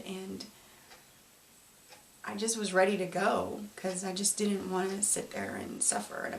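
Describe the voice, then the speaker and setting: A woman telling her own story in an interview, halting and emotional, with frequent restarts. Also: medium pitch, creaky. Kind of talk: personal testimony. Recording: roomy, distant mic, faint noise.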